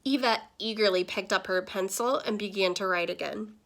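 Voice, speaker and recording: At normal speed and in a mid-range voice with vocal fry, a woman reads a children's picture book aloud, storytelling with expression and animation.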